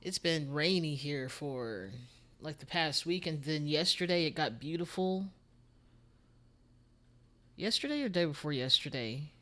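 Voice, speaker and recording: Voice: medium pitch, lively intonation, measured pace, pauses often, fairly bright tone, slight background noise. A music streamer with a Texan accent, chatting casually and rambling to viewers from a home studio at a desk microphone. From Texas. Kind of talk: casual livestream chat.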